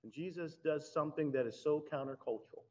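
A man preaches in a lively, conversational way, his voice sitting a bit higher than most men's. The recording sounds dull and lo-fi. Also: fast. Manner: animated, conversational preaching with laughs and acted-out quotes. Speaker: pastor. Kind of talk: sermon.

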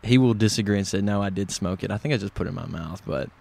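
A man's voice: lowish voice, creaky, a little mellow. A man guesting on a podcast, chatting casually and joking around with the host. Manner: quick, joking, teasing. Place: outdoors.

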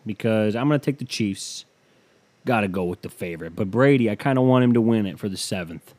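Male podcast host, casual solo chat, low-ish voice, profane, offhand. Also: lively intonation, a little fast, darkish tone. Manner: profane, offhand, reads odds aloud.

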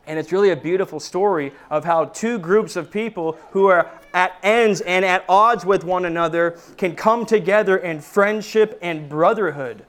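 A man delivers a sermon to his congregation with a fairly high voice. He preaches earnestly, often restarting sentences and doubling words, and calls his listeners brethren. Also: moderate pace, hardly any pauses, fairly bright tone. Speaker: pastor. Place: church service.

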